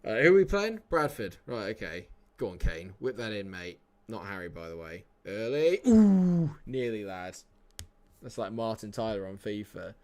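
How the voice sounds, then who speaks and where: A man's voice: fairly low pitch, lively intonation, moderate pace. A man, chatting casually and joking with viewers while streaming a game. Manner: chatty, jokey, answers chat by name. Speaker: live-streamer. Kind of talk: casual live-stream chat.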